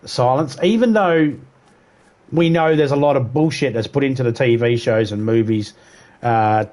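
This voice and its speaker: A man's voice: medium pitch, a little mellow. An Australian man livestreaming, chatting casually with viewers in a rambling way, swearing freely and mimicking accents. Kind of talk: casual chat.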